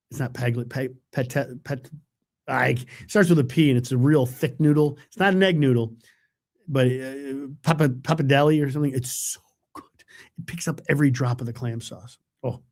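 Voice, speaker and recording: A man's voice: mid-range voice, darkish tone. A middle-aged man, a TV weatherman chatting casually on a live webcast and reading out viewer comments, rambling and self-deprecating with lots of fillers. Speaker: TV meteorologist hosting a live webcast.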